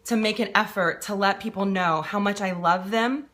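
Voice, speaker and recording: A woman's voice: medium pitch, moderate pace, a bit bright. A woman coaching on a live stream, greeting viewers by name, then speaking earnestly about loss while holding back tears. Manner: earnest, heartfelt. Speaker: financial and business coach.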